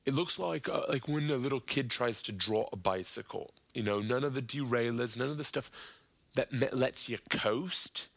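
A man doing a rambling comedic monologue as a podcast host, slipping into high silly voices when he quotes people. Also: normal speed, gravelly, no echo. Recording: loud background noise.

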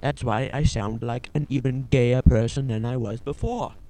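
A man's voice: medium pitch, big pitch swings, moderate pace, gravelly, darkish tone, low-quality recording. A man playing a goofy, crude self-styled British character who rambles on in an amateur comedy podcast.

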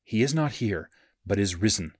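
A man reading the words of solemn angels in a measured voice. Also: on the low side, expressive, dry recording, studio quality. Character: solemn angels in shining garments.

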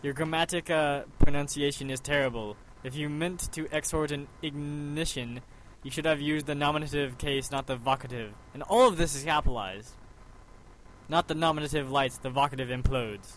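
A pedantic male wizard with a put-on Jamaican accent lectures loudly about grammar cases, as a man puts him on. He sounds fussy and sure of himself. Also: a little high, moderate pace, a little hiss or hum, natural voice, low-quality recording. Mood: lecturing.

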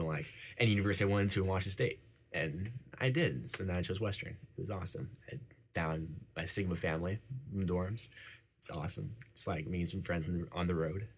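A man's voice: deep voice, slightly rough. A young man, a university student, answering interview questions casually and rambling with many fillers. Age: young adult.

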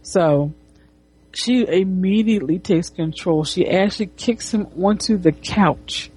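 A woman's voice: lowish voice, unhurried, mellow, husky. A woman casually retelling a comic book, rambling with restarts and swearing. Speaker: comic reviewer.

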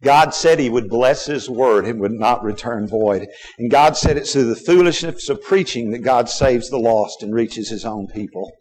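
A middle-aged man from Texas, preaching a sermon as pastor, swinging between loud urging and quiet, low asides. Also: moderate pace, slightly rough. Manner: emphatic preaching with sudden loud and soft swings.

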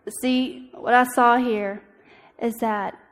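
A young woman giving an earnest personal testimony as a church devotional, halting often with ums and restarts. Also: a little high, steady tone. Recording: long reverb of a hall.

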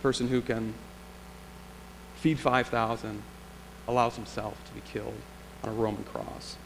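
A man's voice: fairly low pitch, flat delivery, a little slow, vocal fry. A male pastor preaching a sermon in a church sanctuary, in a reflective, conversational way with rhetorical questions. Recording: long church reverb, faint hum.

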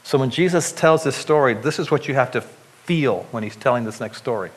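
A man preaching a sermon to a congregation, reading scripture and breaking into animated, joking asides with frequent restarts. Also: mid-range voice, brisk, slight background noise. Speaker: pastor.

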